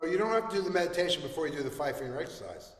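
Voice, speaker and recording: A man's voice: a little high, sing-song, rapid-fire. A man coaching a student in a music webinar, direct and playful. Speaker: music teacher. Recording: echoey room with long reverb.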